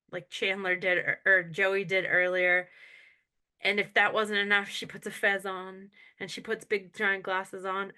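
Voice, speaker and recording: A woman co-hosting a podcast, casually recapping a sitcom episode in an animated way and laughing often as she retells scenes. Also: on the low side. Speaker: podcast co-host.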